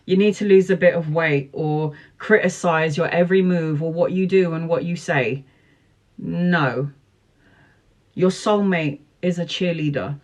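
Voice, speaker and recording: Earnest woman preaching self-love. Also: fairly low pitch. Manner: earnest, emphatic, motivational, with repeated slogans. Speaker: tarot reader. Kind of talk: live social-media talk answering viewer questions.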